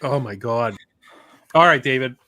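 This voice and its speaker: A man's voice: medium pitch, unhurried, pushed and bright. A man hosting a casual livestream chat on a video call, talking animatedly and laughing often. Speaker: host.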